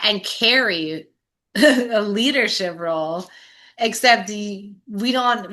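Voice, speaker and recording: A woman speaks in a casual recovery meeting chat, her voice bright and forceful and somewhat strained. She rambles with passion, swears freely and breaks into laughter. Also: medium pitch. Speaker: sober group member.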